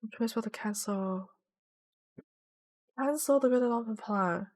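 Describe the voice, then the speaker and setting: A woman's voice: a little high, measured pace, a little mellow. A woman streaming a game, chatting casually and giggling as she reads viewer messages aloud. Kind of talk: casual livestream chat.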